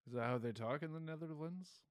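A man's voice: a little high, fairly quick, dry recording, clean studio sound. A tipsy man co-hosting a podcast, laid-back and laughing, in casual chat. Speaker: podcast co-host.

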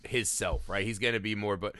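A man's voice: fairly low pitch, steady tone, fairly quick, bright, forceful tone, dry recording, studio quality. A man co-hosting a casual film discussion, loose and profane, who keeps tagging his points with "right?". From small-town America. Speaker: podcast co-host.

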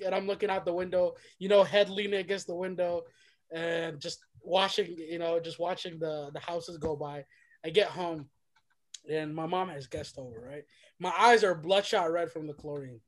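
A young man, a podcast guest, telling a story in a lively, dramatic way and dropping to a hush for effect. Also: sits high, moderate pace. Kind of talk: animated storytelling.

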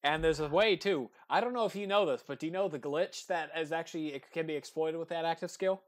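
A man with a somewhat high voice hosts a casual podcast chat. He explains game tricks in a relaxed, conversational way. He talks into a computer mic over a remote call. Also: quick pace. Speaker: podcast host.

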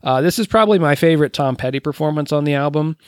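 A man's voice: fairly high pitch, quick pace, no echo, studio quality. A man co-hosting a music podcast, chatting casually and enthusiastically about an album, with frequent ums and uhs. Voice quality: relaxed, filler-heavy, enthusiastic. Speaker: podcast co-host.

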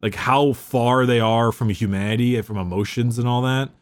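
A young man discussing a book casually, talking in eager quick bursts with some swearing. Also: mid-range voice, fairly even intonation.

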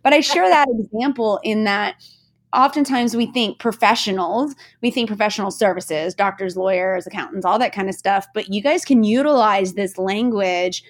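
A woman's voice: medium pitch, moderate pace. A woman hosting a podcast interview, chatty and enthusiastic, who laughs easily while sharing stories with her listeners. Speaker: podcast host.

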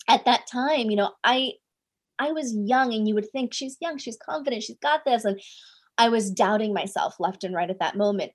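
A woman speaking English as a second language, a life coach telling a personal story in an interview, with lots of "right?" and "like". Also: mid-range voice. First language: not English. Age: 20s at the time recalled; now older. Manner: animated, many "right?" tags and "like" fillers.

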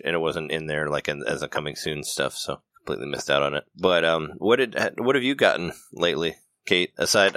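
A man's voice: a bass voice, sharp tone, no echo. A man hosting a casual gaming chat, who laughs often and restarts his sentences. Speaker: podcast host.

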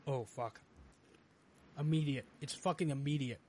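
A man's voice: a little high, normal speed, a little mellow, breathy edge. A man hosting a casual chat who groans and swears in pain while eating a very spicy chip. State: in pain from burning spice. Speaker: podcast host.

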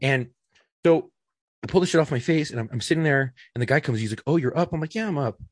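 A man's voice: fairly high pitch, expressive, quick pace, no room sound, clean studio sound. A man co-hosting a podcast, telling a profane story in casual chat and acting out his own quotes. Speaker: podcast co-host.

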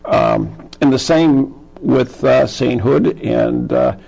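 A man's voice: mid-range voice, wildly swooping pitch, slow, gravelly, a little mellow, dull audio. A man with a New England accent hosting a casual podcast, rambling through explanations and tripping over words. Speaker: podcast host.

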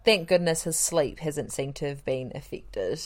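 A woman's voice: sits low, a little slow. A woman, chatting casually and rambling with fillers. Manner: relaxed, rambling with many fillers. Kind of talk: casual chat.

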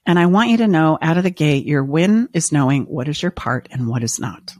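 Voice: medium pitch, lively intonation, fairly quick, dry recording, clean studio sound. A relationship counselor hosting a podcast, speaking in an earnest, reassuring way with repeated emphasis. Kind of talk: podcast monologue.

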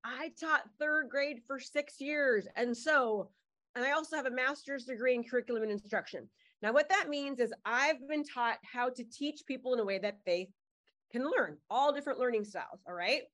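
A middle-aged woman coaching a live webinar on a video call, upbeat and fast-talking, calling out names from the chat. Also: high-pitched, fairly bright tone. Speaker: marketing coach.

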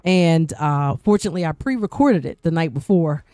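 A woman's voice: deep voice, lively intonation, a little fast, dark tone, no room sound, soft background music. A woman radio personality guest-hosting a podcast, telling a personal story in a talkative way that repeats words, restarts and acts out quoted voices.

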